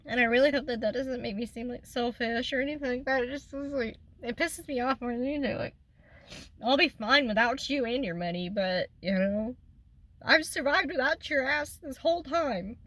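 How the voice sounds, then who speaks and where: A woman's voice: high-pitched, normal speed, a bit bright. A young woman vlogger venting in a casual storytime chat, upset and close to tears.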